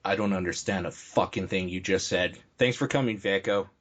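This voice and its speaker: A man's voice: low voice, fairly quick, fairly bright tone. A man hosting a casual podcast, blunt and joking, swearing freely. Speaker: podcast host.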